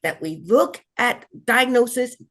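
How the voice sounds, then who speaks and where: A woman, a cancer survivor, telling her own story in an interview with emphatic, expressive delivery and frequent laughs. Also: a little high, measured pace. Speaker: colorectal cancer survivor and patient advocate.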